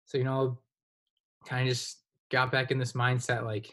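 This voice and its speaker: A man's voice: mid-range voice, normal speed, pauses often. A young man in his twenties, a hockey goaltender, talking casually in a podcast interview and filling his sentences with "you know". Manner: relaxed, rambling, heavy use of "you know". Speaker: guest, college hockey goaltender.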